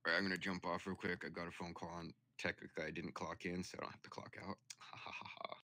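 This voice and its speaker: A young man talks casually on a stream, rambling through stories with plenty of swearing. His voice sits low, with a sharply bright edge. The sound is dry and close. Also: little pitch movement, quick pace, no room sound. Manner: rambling, profane storytelling. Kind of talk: casual chat.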